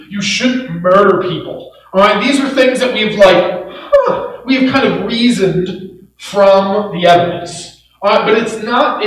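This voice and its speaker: A male pastor preaches with an animated, playful delivery and slips into quoted voices as he goes. His voice sits fairly high for a man. It rings around a big echoey church hall, picked up from some distance with a faint hum of room noise behind. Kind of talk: sermon. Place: church auditorium.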